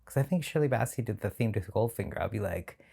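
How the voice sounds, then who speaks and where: A man's voice: lowish voice, expressive, quick pace, vocal fry, warm tone, slightly rough. A man hosting a reaction video, talking casually and sardonically and laughing often.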